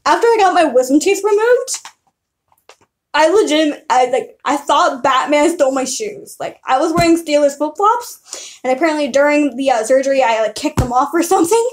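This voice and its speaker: Very high-voiced giggly young woman. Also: animated, moderate pace. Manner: giggly, self-mocking rambling. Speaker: streamer. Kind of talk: casual live-stream chat.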